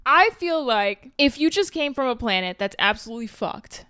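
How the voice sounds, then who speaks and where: Animated young woman with a dry close sound. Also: fairly high pitch, moderate pace, clean tone, dry recording. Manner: animated, swears freely, laughs often. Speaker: movie podcast co-host. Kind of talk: casual chat.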